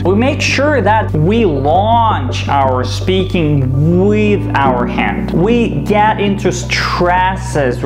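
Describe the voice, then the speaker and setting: Slow, emphatic stuttering coach over music. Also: medium pitch. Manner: emphatic, stresses key syllables, demonstrates phrases slowly. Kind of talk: instructional talk.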